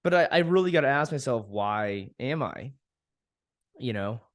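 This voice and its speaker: A young man talks straight into a dry, close mic, venting about his frustrations. His voice sits at an ordinary pitch, and he swears freely while laughing at himself now and then. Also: lively intonation, moderate pace, no room sound. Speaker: podcast host. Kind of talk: casual solo podcast monologue.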